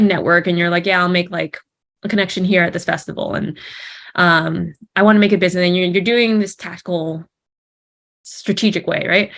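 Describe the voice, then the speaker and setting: A woman's voice: fairly low pitch, a bit bright. A young woman, an actress, chatting casually in an interview, bubbly and giggly with many fillers and restarts.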